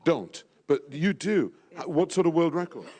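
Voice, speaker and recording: A man's voice: fairly high pitch, big pitch swings, normal speed, dark tone. A man emceeing a live event, jovial and teasing, sprinkling in French phrases. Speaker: event host at a draw.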